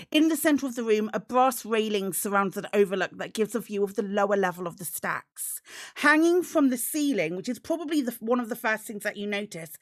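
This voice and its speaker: A woman narrating as game master of a tabletop game, describing scenes with many pauses and restarts. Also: medium pitch, dry recording, studio quality. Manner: hesitant, many ums and restarts.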